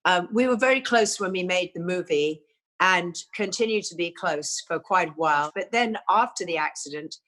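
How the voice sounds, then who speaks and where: An older woman with an English accent speaks in a fairly low register, telling stories as an interview guest. She rambles through her memories, with many small restarts and "you know"s. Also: normal speed, fairly bright tone. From England. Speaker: guest actress. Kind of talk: reflective interview talk.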